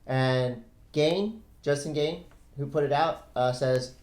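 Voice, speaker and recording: A man's voice: fairly high pitch, slow pace, a little mellow. A middle-aged man co-hosting a casual podcast, loose and rambling, laughing often. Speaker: podcast co-host. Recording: roomy echo.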